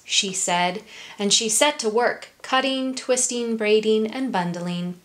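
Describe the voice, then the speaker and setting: A woman reading a picture book aloud to children, gentle, with hushed asides. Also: mid-range voice, slow. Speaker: storyteller for children.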